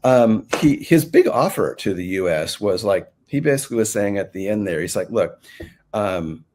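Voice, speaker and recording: A man's voice: fairly low pitch, animated, normal speed, a little mellow, slight background noise. A man answering interview questions in a casual, rambling way, full of fillers and restarts. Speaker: guest author.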